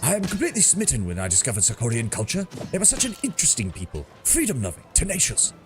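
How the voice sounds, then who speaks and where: A man's voice: medium pitch, wildly swooping pitch, fast talker, voice pushed up. A man voicing a pompous, chatty male mercenary captain in a put-on British accent, reading game dialogue aloud. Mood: genial. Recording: music playing behind.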